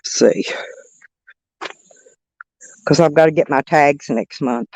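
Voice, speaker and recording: A woman's voice: low voice, slow pace, darkish tone, no room sound. Rambling woman streamer, dull dry sound. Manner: rambling, chatty, greets viewers by name. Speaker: live streamer. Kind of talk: casual live stream chat.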